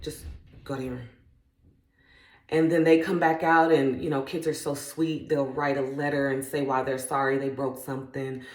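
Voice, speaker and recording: A woman's voice: extremely low pitch, level tone, normal speed, few pauses, a little mellow, reverberant. A woman who is a parent, sharing reflective faith-based thoughts in an earnest, conversational way. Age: adult parent. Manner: earnest, conversational, often trails into "like". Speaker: self-help vlogger.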